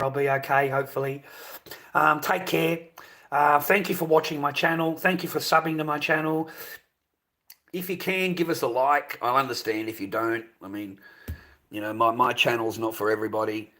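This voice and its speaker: A man's voice: medium pitch, sharp tone. An Australian man streaming live, talking in a heated, profane, rambling way. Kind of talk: casual livestream rant.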